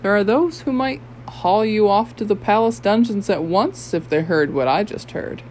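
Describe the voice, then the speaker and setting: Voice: mid-range voice, normal speed, a little mellow, a little hiss or hum, voice pushed up, close to an everyday voice, rough recording. An audiobook narrator voicing a sly young male rogue with a bland, purring, insinuating manner. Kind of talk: audiobook character voice.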